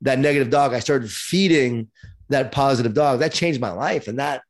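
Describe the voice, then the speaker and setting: A man's voice: medium pitch, moderate pace. Middle-aged man telling his life story. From Long Island, New York. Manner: lively, humorous, self-deprecating storyteller. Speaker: guest, author and speaker. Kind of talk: personal storytelling in an interview.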